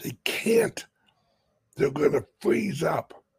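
A very gravelly, raspy-voiced man drags out his words slowly in an urgent vlog rant. He drops to hushed whispers, then bursts into shouts, and swears freely for emphasis. His pitch swings widely, and the sound is close and dry. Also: wildly swooping pitch, no room sound. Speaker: crypto channel host.

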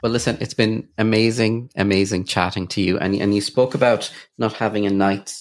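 A man's voice: fairly low pitch, steady tone, fairly quick. A man hosting a podcast, friendly and chatty, complimenting his guest and talking with casual fillers. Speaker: podcast host. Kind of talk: casual interview.

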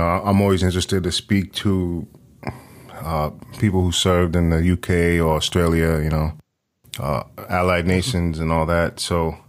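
A man with a very deep voice hosts a podcast interview. He talks in a relaxed, casual way with lots of ums and uhs. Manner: relaxed, with many fillers. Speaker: podcast host.

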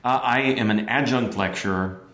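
A man's voice: mid-range voice, normal speed, a bit bright, roomy sound, slight background noise. A man hosting a podcast interview, a lecturer who speaks hesitantly with many fillers. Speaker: podcast host, business lecturer. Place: campus room by a window.

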